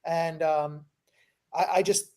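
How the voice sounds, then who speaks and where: A woman's voice: low-pitched, fairly even intonation, slow, warm tone. A woman co-hosting a podcast, talking casually and fondly about the holidays. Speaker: podcast co-host. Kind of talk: casual live podcast chat.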